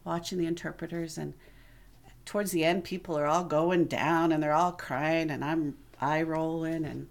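A middle-aged woman shares her personal testimony at a church service, speaking in an earnest, conversational way. Her voice sits a little on the lower side for a woman. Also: fairly even intonation, moderate pace, vocal fry. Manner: earnest, conversational storytelling that acts out quoted voices. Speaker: church member giving a testimony. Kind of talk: personal testimony told to a congregation.

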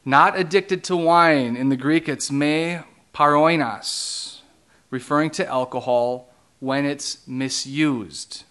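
A man's voice: medium pitch, fairly bright tone. Plainspoken man teaching a Bible study. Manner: plainspoken, conversational, explains terms one by one. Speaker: pastor.

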